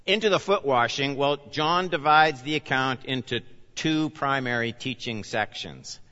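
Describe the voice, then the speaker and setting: A man pastor preaching a sermon, with animated emphasis that rises and falls as he explains scripture. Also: medium pitch, unhurried. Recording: reverberant hall, dull lo-fi sound.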